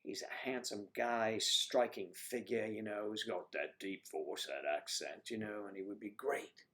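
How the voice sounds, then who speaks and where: An older man hosting a casual livestream, chatting with viewers in a teasing way and dropping into soft asides. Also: fairly low pitch, a little slow. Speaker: livestream host. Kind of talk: casual chat reading viewer comments. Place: home livestream.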